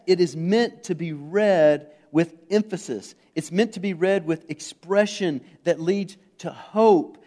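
With a high, warm voice, a pastor from the United States delivers a sermon in an earnest, emphatic manner. He poses questions to the congregation and uses fillers and restarts along the way.

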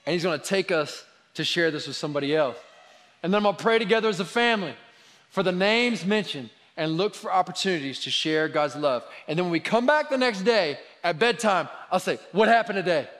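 A man preaching a sermon, telling stories about his children in a lively, animated way. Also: high voice, brisk. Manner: animated storytelling, quoting his kids. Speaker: pastor. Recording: long hall reverb.

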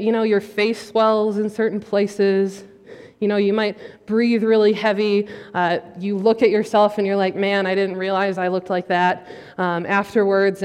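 A young woman pastor giving a humorous, chatty sermon in a church, laughing often as she tells stories. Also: clear, resonant tone. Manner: chatty, laughing often, rising to high squeals. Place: church sanctuary. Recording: long hall reverb.

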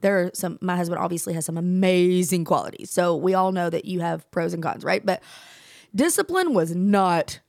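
A woman in her forties co-hosting a podcast, telling stories in an emphatic, animated way. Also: fairly low pitch, moderate pace, creaky, no echo, studio quality. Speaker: podcast co-host. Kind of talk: casual chat.

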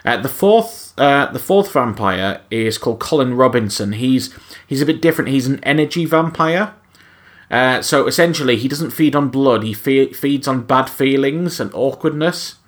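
A man's voice: mid-range voice, normal speed. A man co-hosting a casual podcast, talking hesitantly and searching for words. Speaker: podcast co-host.

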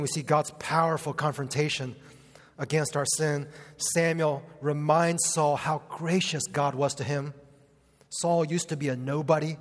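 A man preaching a sermon, earnest and conversational, with casual fillers mixed into the teaching. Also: fairly high pitch. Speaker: pastor. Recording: long hall reverb.

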